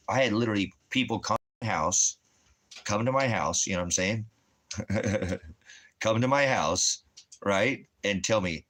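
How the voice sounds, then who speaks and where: A man's voice: on the low side, a little slow, fairly bright tone. A man ranting in a rambling, heavily profane monologue as the host of his own channel. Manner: swears heavily, rambling, laughs often.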